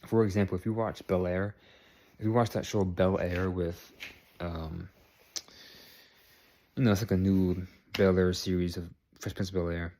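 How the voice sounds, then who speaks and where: A man's voice: low-pitched, flat delivery, moderate pace, long pauses, warm tone. A man vlogging in a casual, rambling way, repeating phrases and checking in with the viewer. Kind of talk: casual talk to camera.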